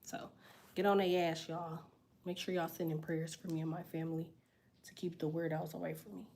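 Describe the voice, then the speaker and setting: A woman's voice: low voice, level tone, fairly quick, darkish tone. A young woman tarot reader on a casual livestream, chatting bluntly and profanely while she answers comments, congested from a sinus infection.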